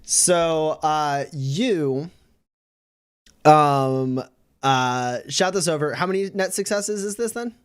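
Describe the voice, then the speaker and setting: A man with a fairly high voice guides players through a tabletop game as its game master. He narrates loosely and casually, with plenty of fillers and stops. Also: takes it slowly, smooth. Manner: casual, many fillers and laughs.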